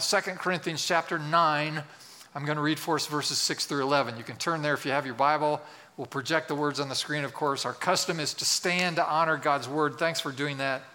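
Male pastor, earnest sermon delivery, prompts call-and-response, bright tone, ringing church hall. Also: fairly high pitch. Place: church sanctuary. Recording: church hall with long reverb.

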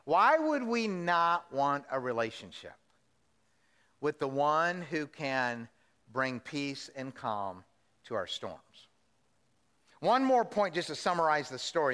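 A man preaching a sermon as pastor, animated and drawing answers from the congregation with questions. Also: mid-range voice. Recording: long hall reverb.

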